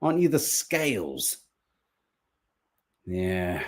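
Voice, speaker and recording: A man's voice: low-pitched, very slow. A male podcast co-host in casual chat, reading out viewer comments with jokes and free swearing. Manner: jokey, animated, swears freely.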